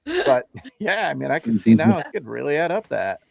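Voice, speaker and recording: A man chatting casually as a guest, measured and musing. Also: medium pitch, expressive, creaky, darkish tone. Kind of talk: casual chat.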